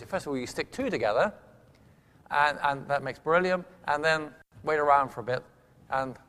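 An older man giving a public lecture, telling a science story with lively emphasis and quick asides. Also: fairly high pitch. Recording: long hall reverb.

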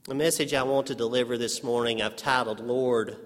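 A man with a Texas accent preaching a sermon after an opening prayer, measured and building to dramatic emphasis. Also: medium pitch, steady tone, big-room sound. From Texas Panhandle. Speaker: seminary teacher preaching. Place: large church sanctuary.

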